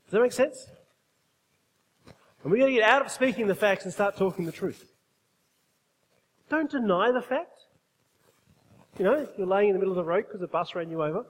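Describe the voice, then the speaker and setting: A man delivers a sermon with emphasis, often stopping to put questions to his congregation. His voice sits very high for a man. The long reverb of a large hall trails behind every phrase. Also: expressive, moderate pace, long pauses. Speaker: pastor.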